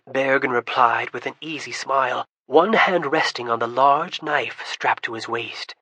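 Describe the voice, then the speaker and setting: A man doing steady scripted narration of a fantasy audiobook. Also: medium pitch, normal speed, hardly any pauses, husky, no echo.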